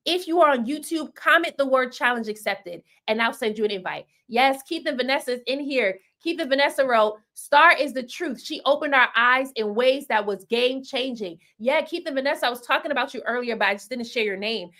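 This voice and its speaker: A woman's voice: sits high, a little fast, few pauses, sharp tone. A woman hosting a live stream as a business coach, speaking emphatically in a preacher-like way and repeating phrases for punch. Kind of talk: motivational live-stream talk.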